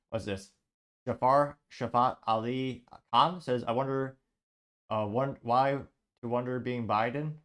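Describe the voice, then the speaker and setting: A man hosting a show, reading social media posts aloud and adding wry asides. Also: medium pitch. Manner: reads comments out, adds wry asides. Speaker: host.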